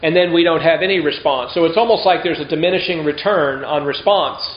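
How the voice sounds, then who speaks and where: A man's voice: a little high, a little fast. Man preaching conversationally in a roomy space. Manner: conversational preaching with rhetorical questions. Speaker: pastor. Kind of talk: sermon. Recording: roomy, dull lo-fi sound.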